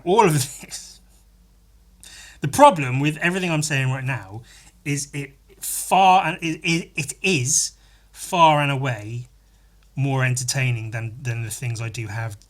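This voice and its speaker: A man's voice: medium pitch, a little slow. A man hosting a podcast, rambling through a crude, mock-earnest comedy monologue with giggly asides. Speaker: podcast host.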